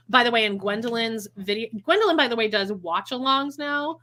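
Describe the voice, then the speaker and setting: A woman's voice: fairly high pitch, lively intonation, brisk, few pauses, sharp tone. A young woman co-hosting a casual chat, reading a book aloud and breaking off with sarcastic, mocking asides. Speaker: podcast co-host.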